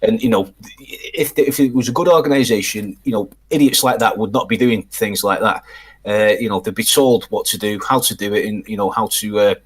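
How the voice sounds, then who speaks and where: Halting man with a lowish voice. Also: husky. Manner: halting, repeats words, measured. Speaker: podcast panelist. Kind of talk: casual chat.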